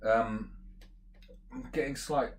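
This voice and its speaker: A man giving a casual beer review, talking in a relaxed, rambling way and thinking aloud with fillers as he tastes. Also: medium pitch, takes it slowly, a little hiss or hum. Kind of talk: casual beer tasting chat.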